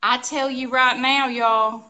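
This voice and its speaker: Woman, high-pitched, exclamatory, casual live chat. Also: slow. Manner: animated, exclamatory storyteller with sound effects. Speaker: co-host of a live furniture painting show.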